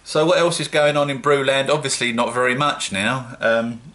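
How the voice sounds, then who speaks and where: A man's voice: mid-range voice, little pitch movement, moderate pace, pushed and bright. A man with a British accent, chatting casually and rambling a little in a self-mocking home-brewing vlog. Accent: British English.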